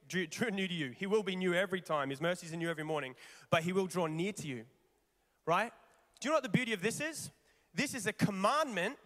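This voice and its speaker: A man with a notably high voice preaches a lively, conversational sermon, firing rhetorical questions at his congregation. His voice rings out with the long reverb of a large church hall.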